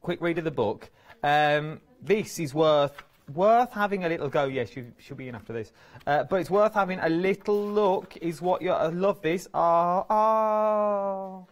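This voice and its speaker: A man's voice: a little high, moderate pace. A man presenting crafts on a live TV shopping channel, chatty and playful. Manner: chatty, playful, lively banter. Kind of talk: live TV sales chat. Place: TV studio.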